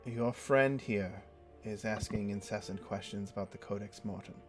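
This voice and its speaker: A man voicing a sinister priestess, female, hushed, purring, morbid, tabletop game. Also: on the low side, moderate pace, faint music behind, close to an everyday voice. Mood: sly.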